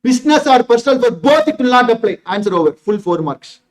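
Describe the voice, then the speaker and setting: A man's voice: very high-pitched, animated, quick pace. A man with a Tamil Indian English accent teaching an exam revision class, emphatic and repetitive, firing rhetorical questions at the class.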